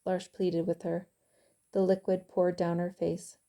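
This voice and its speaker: Woman reading her own book, low pitched, gravelly, calm. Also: a little slow. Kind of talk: audiobook narration.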